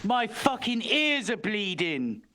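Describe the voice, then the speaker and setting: A man's voice: sits high, very animated, takes it slowly, sharp tone. A man on a live chat panel, blunt and sweary, laughing as he talks. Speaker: panel guest. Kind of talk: live round-table chat. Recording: faint background noise.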